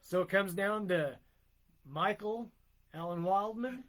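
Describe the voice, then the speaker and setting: A man's voice: sits high, slow, fairly bright tone. A man co-hosting a wrestling podcast, running a quiz game with casual banter, often counting tallies under his breath.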